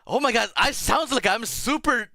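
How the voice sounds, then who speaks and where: A man chatting as a guest on a stream, excitable, laughing loudly and talking with many fillers. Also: extremely high pitch, moderate pace, vocal fry, dry recording, clean studio sound. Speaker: guest Vtuber. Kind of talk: casual collab stream chat.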